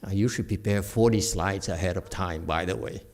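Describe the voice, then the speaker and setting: A man's voice: low voice, a little fast. A man teaching a conversational Buddhist lecture in a temple hall, with chuckling asides to his listeners. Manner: animated, chuckling asides to the audience.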